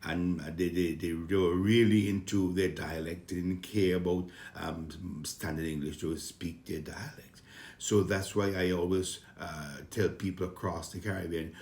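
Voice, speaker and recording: A man's voice: low voice, normal speed, darkish tone, echoey room. A man from Saint Vincent with a Vincentian accent, a comedian talking casually and earnestly about his upbringing, sometimes getting heated. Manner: earnest, heated at times, with many fillers and restarts.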